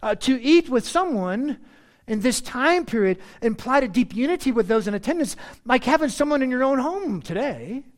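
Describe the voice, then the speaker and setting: A man's voice: extremely high pitch, moderate pace. Guy preaching a sermon in church, voice swinging up and down a lot, cracking jokes at the crowd. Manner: animated, joking asides to the congregation. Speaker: pastor.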